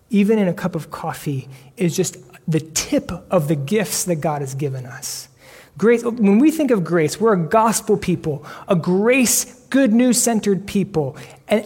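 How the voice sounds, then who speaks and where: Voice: mid-range voice, darkish tone, slightly rough. Earnest pastor preaching in a reverberant hall. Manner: earnest, conversational preaching with frequent restarts. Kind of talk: sermon.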